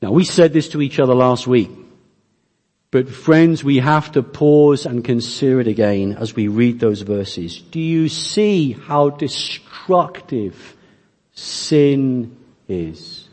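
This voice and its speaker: A man's voice: mid-range voice, animated, a little mellow. Earnest male preacher in a reverberant hall. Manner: earnest, addresses the congregation directly; emphatic, with slow stressed phrases and repeated words. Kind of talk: sermon.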